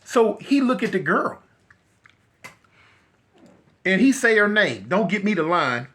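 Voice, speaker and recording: A middle-aged man telling a story in a casual, animated way, acting out the voices of the people in it. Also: sits high, takes it slowly. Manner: animated, acts out voices, repeats and restarts.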